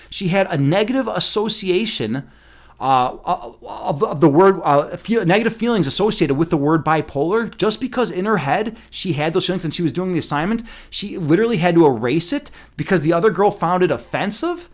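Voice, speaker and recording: A man telling a story in a casual rant, animated and profane, with many fillers and restarts. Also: high-pitched, fairly quick. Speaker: streamer.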